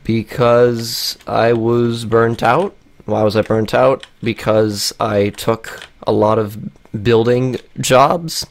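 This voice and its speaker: A man YouTuber with a raspy, cracking voice, rambling through a casual vlog while he plays a game, with lots of fillers and restarts. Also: medium pitch, steady tone, slow pace. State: raspy, voice cracking after a long break.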